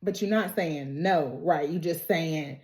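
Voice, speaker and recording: A woman voicing an excitable young man from a sitcom, sometimes exclaiming and sometimes sheepish, while recapping the show. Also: low-pitched, a little slow, voice pushed down. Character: excitable young man, flustered then smooth.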